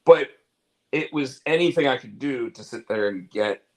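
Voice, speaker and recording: A man's voice: medium pitch, expressive, normal speed, darkish tone, rough recording. A man co-hosting a casual talk show, rambling through restarts and fillers, candid and casual with swearing. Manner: rambling, repeats words and fillers. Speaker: podcast co-host. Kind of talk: casual chat.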